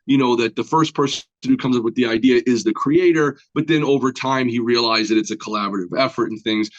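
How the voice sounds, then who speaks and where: A man telling stories in a casual interview, with a mid-range voice. He rambles, restarts and fills gaps with little sounds. He gets animated and puts on voices for the people in his tale. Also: mid-range voice, lo-fi sound. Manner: rambling with many fillers and restarts. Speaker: guest comic book artist.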